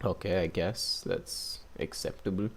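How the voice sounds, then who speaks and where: A man's voice: low-pitched, steady tone, a little slow. A man casually playing a game, reading dialogue aloud and making jokes about it. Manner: casual, joking, laughs at himself. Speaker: gamer.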